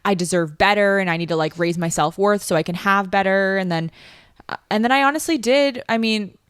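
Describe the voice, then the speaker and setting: A woman's voice: medium pitch, brisk, fairly bright tone, clear, resonant tone, no room sound, clean studio sound. A young woman hosting a podcast, chatting candidly with lots of fillers and casual swearing. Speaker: podcast host. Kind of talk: casual chat.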